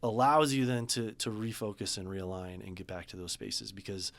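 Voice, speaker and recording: A man speaking as a business coach guest in a podcast interview, earnest and animated when telling a story. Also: on the low side, normal speed. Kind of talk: casual interview talk.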